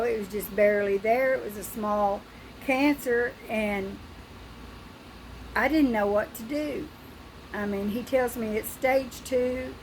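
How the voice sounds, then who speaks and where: An older woman talking through a personal video diary, frightened and halting, with pauses and restarts. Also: fairly high pitch, darkish tone, slight background noise, poor audio. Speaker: vlogger.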